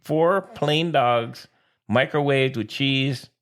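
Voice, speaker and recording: A man's voice: mid-range voice, takes it slowly, a bit bright. A man co-hosting a casual sports podcast, joking and playfully exaggerating. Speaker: podcast co-host.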